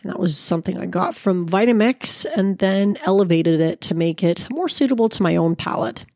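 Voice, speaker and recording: A middle-aged woman from Canada hosting a casual food podcast, chatty and animated, telling stories with bursts of excitement. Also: mid-range voice, normal speed, gravelly, dry recording, clean studio sound. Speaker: podcast host. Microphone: podcast mic.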